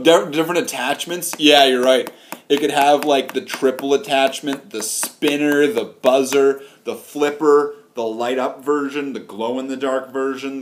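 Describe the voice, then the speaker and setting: A man talking casually in a loose, meandering way, restarting sentences and riffing on silly wordplay. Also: medium pitch. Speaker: vlogger. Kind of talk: crude comedic rambling.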